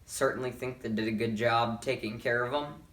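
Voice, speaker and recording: A man's voice: mid-range voice, steady tone, normal speed, fairly bright tone. Tired male sports vlogger, offhand and rambling, recorded at home with the mic a bit far off and echo around him. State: tired, yawning. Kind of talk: casual picks and predictions talk.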